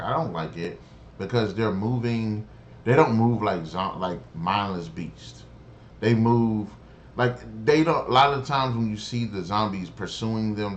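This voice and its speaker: A man with a somewhat low voice rants through a casual episode review. He swears constantly, restarts his sentences and sounds openly exasperated. A faint hiss of noise sits under his voice. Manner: profane, exasperated and rambling. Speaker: show reviewer.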